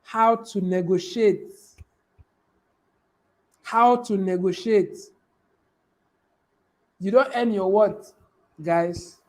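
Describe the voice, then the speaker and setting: A man coaching his viewers on business in a high-pitched voice. He hammers points home by repeating phrases and throwing questions at the audience. His delivery is emphatic and conversational. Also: drawn-out words, pauses often, darkish tone, low-quality recording. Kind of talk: live-streamed motivational talk.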